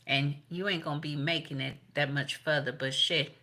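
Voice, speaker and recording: Low-voiced, blunt, profane woman tarot reader. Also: steady tone, normal speed, bright, forceful tone. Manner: blunt and profane, laughs between points. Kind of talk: casual spiritual reading, profane.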